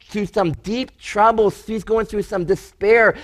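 A man preaching a sermon, telling stories and acting out the words of the people he quotes, with lively, emphatic delivery. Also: high voice, moderate pace, few pauses. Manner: animated, storytelling preacher who acts out quotes. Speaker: pastor.

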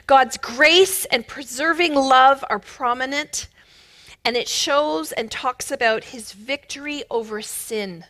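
A woman preaching a sermon with emphatic, rising bursts of loudness, she is middle-aged. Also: high-pitched, takes it slowly. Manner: emphatic, builds to loud bursts.

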